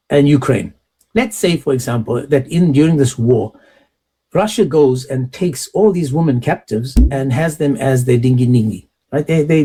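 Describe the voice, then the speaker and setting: Male host, husky and mellow, rhetorical commentary with a mocking, emphatic edge. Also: fairly high pitch. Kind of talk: opinionated commentary monologue.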